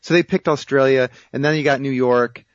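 A man's voice: medium pitch, steady tone, brisk, no room sound. A man from the United States speaking as a guest on a talk show, emphatic and insistent. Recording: dry muffled lo-fi audio.

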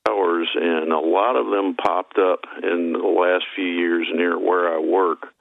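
Male caller, halting and hesitant, very deep voice, phone-line sound. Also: flat delivery, vocal fry, no echo. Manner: halting, many fillers and restarts. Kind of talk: phoning in to a talk show.

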